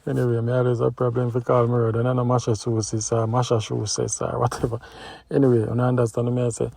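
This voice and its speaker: A man's voice: medium pitch, darkish tone, no room sound. A man with a Jamaican accent, hosting his channel and chatting casually to viewers in a patois-flavoured way. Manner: chatty, patois-flavoured, jokes about his own words. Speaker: channel host.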